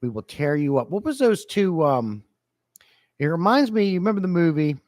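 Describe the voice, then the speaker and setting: A man's voice: on the high side, sing-song, moderate pace, a little mellow, no room sound. Guy rambling on his fish stream, kinda tired but joking around, dry close mic. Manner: playful, rambling, jokey with chat. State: a bit low-energy. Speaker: fish-keeping livestreamer. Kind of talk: casual livestream chat reading comments. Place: home fish room.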